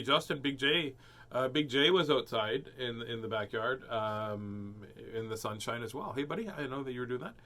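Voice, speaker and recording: Bright, lively male storybook reader, chatty asides, playful character lines. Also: mid-range voice. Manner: chatty, animated, with dramatic giant lines. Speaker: host reading picture books aloud. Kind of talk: storybook read-aloud with chat.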